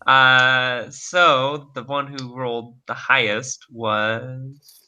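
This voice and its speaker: A man running a tabletop game as game master, narrating haltingly with many pauses. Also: medium pitch, flat delivery, bright, forceful tone, smooth, highs cut off. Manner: halting, with many ums and uhs.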